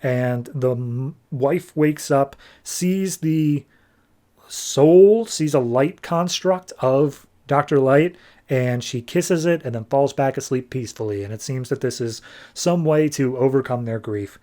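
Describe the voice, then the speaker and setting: A man casually summing up a comic book issue for a podcast, tossing off quick loose voices for the characters as he goes. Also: medium pitch, dark tone.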